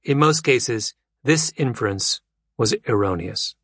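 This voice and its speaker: A man reading a nonfiction audiobook in a measured way, letting his pitch fall low at the end of phrases. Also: expressive. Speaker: narrator. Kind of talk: scripted nonfiction audiobook narration.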